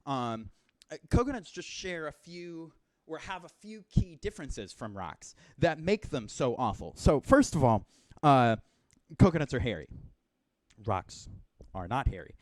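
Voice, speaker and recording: A young man on stage, a performer giving comic banter between pieces with deadpan fake outrage that swings from muttering to loud ranting. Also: medium pitch, a little slow, no room sound. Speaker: performer introducing his music. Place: Hawaii.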